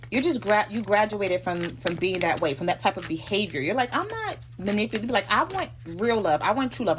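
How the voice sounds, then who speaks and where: A woman's voice: mid-range voice, slight background noise. Chatty woman giving a tarot reading. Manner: chatty, acts out both sides of a relationship in quick asides. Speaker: tarot reader. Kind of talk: casual tarot reading to camera.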